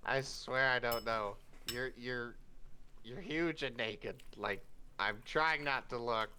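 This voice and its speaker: A game master putting on a rattled male cleric who stammers through every sentence in a bright, slightly tense voice. He is sore and overwhelmed, and he speaks slowly between stumbles. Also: mid-range voice, slight background noise. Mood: embarrassed. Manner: stammering, halting.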